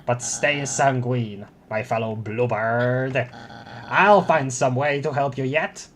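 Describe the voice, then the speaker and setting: A man voicing a pompous, nerdy male bird student from a video game, reading his lines in a grand, theatrical way at a slow pace. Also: medium pitch, a bit bright. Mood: grandiose.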